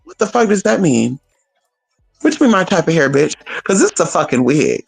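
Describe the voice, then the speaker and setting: A woman vlogger telling a story to her viewers in a sassy, profane, animated way, with drawn-out pauses. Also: low voice, vocal fry, breathy edge, faint music behind.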